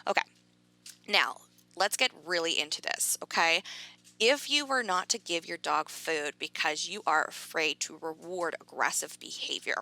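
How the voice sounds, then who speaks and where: Gravelly, bright-voiced woman dog trainer. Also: sits low, moderate pace, soft background music. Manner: casual and chatty, lots of fillers, acts out quotes. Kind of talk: educational talk to camera.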